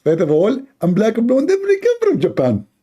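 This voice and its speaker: A man's voice: sits high, huge pitch swings, normal speed, warm tone, breathy edge, pitched above the performer's own voice, heavily acted. A man putting on a mocking caricature of a male debater, in a whiny, insistent voice.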